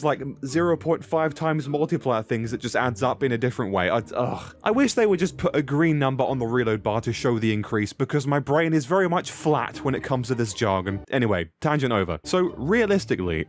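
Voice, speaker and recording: Jokey man chatting about games. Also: mid-range voice. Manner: jokey, rambling, talks back to viewers. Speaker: gaming video host. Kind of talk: casual gaming commentary.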